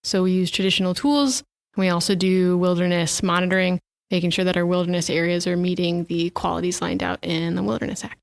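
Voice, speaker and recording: A woman's voice: fairly low pitch, steady tone, fairly quick, creaky. A woman who directs a nonprofit program introducing herself in a matter-of-fact way. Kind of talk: casual self-introduction.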